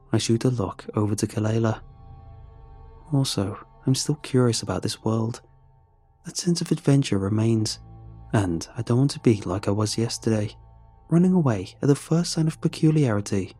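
A man's voice: fairly low pitch, warm tone, breathy edge. A man narrating a first-person adventure story in a wry, conversational way, speaking the lead's lines himself.

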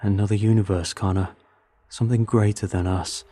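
A man's voice: on the low side, steady tone, fairly quick, warm tone, close to an everyday voice. A man voicing a secretive older male scientist who mutters curt replies.

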